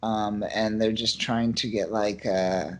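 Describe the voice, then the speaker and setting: A man co-hosting a podcast, chatting casually about comics in a relaxed way, chuckling and slipping into mock voices. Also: on the low side, takes it slowly. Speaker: podcast co-host. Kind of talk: casual comic-book discussion.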